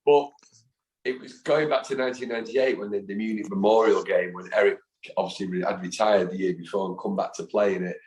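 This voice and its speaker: A man in his fifties, a guest in a casual interview, telling animated anecdotes and acting out the voices of people he quotes. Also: lowish voice, brisk. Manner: animated storyteller who acts out quoted voices. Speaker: guest, football fan. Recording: echoey room.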